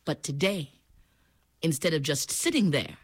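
Animated, playful woman storyteller. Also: deep voice, unhurried, a little hiss or hum. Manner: animated and playful, with sound effects. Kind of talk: oral storytelling performance.

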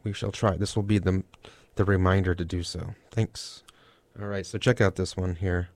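Low-voiced rambling radio host, a man. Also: steady tone, normal speed, a little mellow, dry recording. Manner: rambling, self-deprecating, full of fillers. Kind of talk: casual radio chat.

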